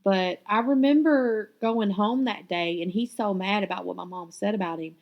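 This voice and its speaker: Gravelly-voiced woman telling her story. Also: mid-range voice, moderate pace, muffled recording. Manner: raw, candid, swears freely. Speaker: podcast host. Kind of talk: confessional personal storytelling.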